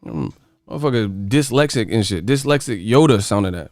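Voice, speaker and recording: A man's voice: medium pitch, expressive, normal speed, a little mellow, no echo, clean studio sound. A man hosting a boxing channel, reacting to his chat in casual, profane, laughing riffs. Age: adult. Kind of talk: casual livestream commentary on chat.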